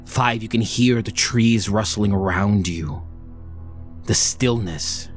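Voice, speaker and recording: A man narrating a tabletop game as game master, slowly describing the scene with many hedging "sort of"s. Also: on the low side, faint music behind.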